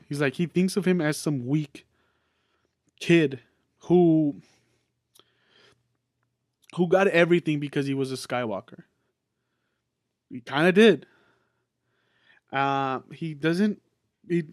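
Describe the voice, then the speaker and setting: A man with a fairly high voice talks through a movie review in an excitable, loose way. He swears freely and stumbles over restarts. The sound is close and dry, with no room echo. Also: slow pace, pauses often. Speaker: podcast host reviewing a film. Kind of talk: casual spoken movie review.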